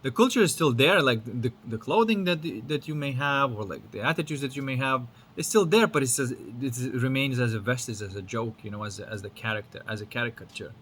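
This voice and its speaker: Talking a little fast with hardly any pauses, a Lithuanian man delivers a meandering, outspoken spiritual talk, dropping swear words casually. His medium-pitched voice has lively intonation and a slightly bright quality, and his accent combines Lithuanian, American and British English. There's a faint hiss or hum.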